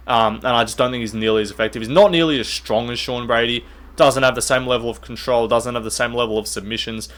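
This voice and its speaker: A young man rattles off opinions in an offhand, blunt rant. He swears freely and pads his sentences with "like" and "bro", speaking in an ordinary mid-range male voice. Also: mid-range voice. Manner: blunt, swears often, says "bro", many fillers. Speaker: MMA commentator and channel host. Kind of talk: casual commentary rant.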